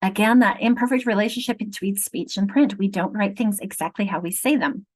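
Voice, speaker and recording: A woman training teachers online over a video call, explaining patiently and slowly sounding out syllables and letters. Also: mid-range voice. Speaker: literacy trainer.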